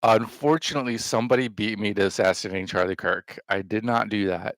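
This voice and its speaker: A man hosting a livestream, talking in a casual, rambling way with a deadpan, self-mocking manner. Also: on the low side, fast, no room sound. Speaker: livestream host.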